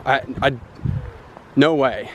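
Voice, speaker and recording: An Australian man vlogging casually outdoors, rambling and swearing, turning animated when he tells a story. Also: medium pitch, takes it slowly, rough recording. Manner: rambling, profane, animated when telling stories. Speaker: travel vlogger. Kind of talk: casual walking vlog. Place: outdoors by a windy beach and city road. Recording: wind and traffic noise outdoors.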